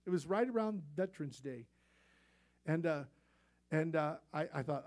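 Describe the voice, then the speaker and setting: A middle-aged man with a fairly high voice delivers a church sermon. He tells homespun stories in a conversational way and builds to loud, emphatic peaks. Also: animated, moderate pace. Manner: folksy storytelling, rising to emphatic peaks. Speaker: pastor.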